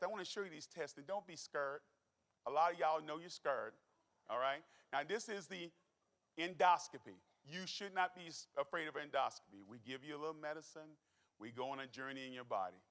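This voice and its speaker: A middle-aged man giving a folksy, joking health talk as a doctor to a live audience. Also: fairly high pitch. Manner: folksy, animated, joking with the crowd. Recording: long hall reverb.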